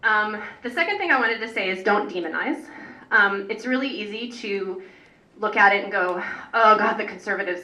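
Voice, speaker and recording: With a medium-pitched voice that sounds pushed and bright, a woman parent organizer talks unscripted on a public panel. Her remarks are earnest and rambling, packed with fillers and restarts, and the recording has a distant mic in an echoey hall.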